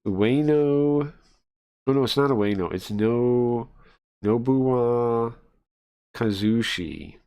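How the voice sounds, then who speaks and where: A man casually commenting while he plays and reads through a story game, chatty and easily excited, thinking aloud with many pauses. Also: mid-range voice. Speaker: streamer playing and reading a story game. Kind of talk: casual live-stream commentary.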